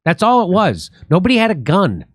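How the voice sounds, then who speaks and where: A man's voice: high voice, huge pitch swings, fairly quick, husky, no echo, studio quality. A man hosting a political commentary talk show, ranting animatedly and mimicking friends in mocking voices. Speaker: comedian host.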